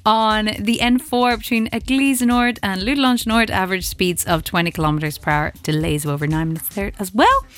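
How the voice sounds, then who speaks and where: A woman's voice: mid-range voice, brisk, few pauses, a bit bright. An Irish woman radio host chatting casually on air and reading the traffic, laughing often.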